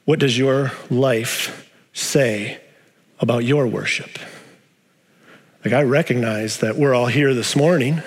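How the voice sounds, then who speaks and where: Man preaching in a reverberant church hall. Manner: preaching with wide swings between quiet low stretches and raised emphatic questions. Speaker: pastor. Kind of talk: sermon. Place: church sanctuary. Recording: long reverb of a large hall.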